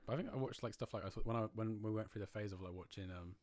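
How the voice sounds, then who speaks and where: A man's voice: on the low side, rapid-fire. A young man, a guest on a podcast, chatting casually and loosely with lots of fillers. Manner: relaxed, rambling, lots of fillers. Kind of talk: casual chat.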